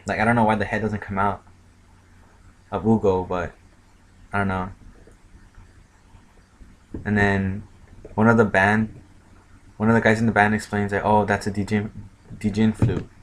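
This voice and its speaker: Sex: male. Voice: lowish and flat. Role: manga reviewer. Style: casual, filler-heavy chapter recap. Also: measured pace, pauses often, rough recording. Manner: rambling, filler-heavy retelling with many "like"s.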